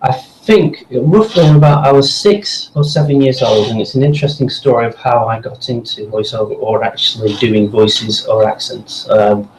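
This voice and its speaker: A man guest on an interview show, recounting his path in a casual, rambling way full of ums and restarts. His voice sits in an echoey room with a faint hum underneath. The delivery is conversational and unhurried. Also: mid-range voice, a little mellow. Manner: rambling, many fillers and restarts. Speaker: voice actor guest. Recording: roomy echo with faint background hum.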